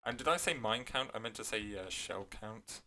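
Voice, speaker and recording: A man's voice: mid-range voice, expressive, normal speed, bright, forceful tone. A man giving casual gameplay commentary, rambling with many fillers and self-corrections, his voice cracking now and then. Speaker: gameplay video creator.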